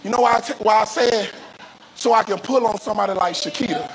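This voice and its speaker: High-voiced man preaching with call-and-response. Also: fast talker, rough recording. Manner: call-and-response preaching, often rising into shouts and sung phrases. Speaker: pastor. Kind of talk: sermon. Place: church service.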